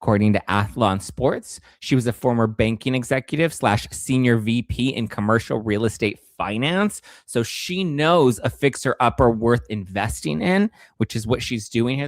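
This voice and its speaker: A male host giving sarcastic, animated commentary on celebrity news, at times jumping into high squeals. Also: moderate pace, dry recording, studio quality. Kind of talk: casual commentary.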